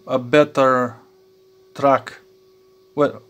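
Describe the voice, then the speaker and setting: A man's voice: mid-range voice, fairly even intonation, a bit bright. A man talking through a soldering job at his workbench, with lots of fillers and restarts. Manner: halting, many fillers and restarts, chuckles to himself. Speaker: electronics hobby vlogger. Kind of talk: casual workbench commentary.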